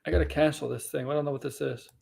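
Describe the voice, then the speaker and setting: A man recaps a wrestling show for his stream in a rapid-fire, rambling way, repeatedly correcting himself mid-sentence and acting out quotes. His voice is on the high side, gravelly and darkish, with a steady tone.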